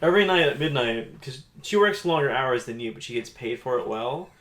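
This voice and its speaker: Bright, joking male podcast co-host. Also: medium pitch, brisk. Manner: joking, interrupting banter. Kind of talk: casual chat.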